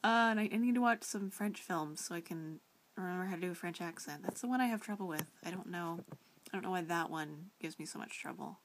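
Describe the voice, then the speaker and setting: A young woman talks casually to a friend on camera, rambling through her thoughts with plenty of fillers, restarts and little giggles. Her voice sits on the low side for a woman. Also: a little fast, a little hiss or hum. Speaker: vlogger replying to a friend. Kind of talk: casual video reply.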